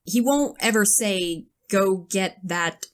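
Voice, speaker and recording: A woman co-hosting a podcast in casual chat, telling animated stories, acting out quotes and swearing casually. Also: mid-range voice, takes it slowly. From northern United States. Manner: animated storyteller, acts out quotes, laughs a lot. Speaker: podcast co-host.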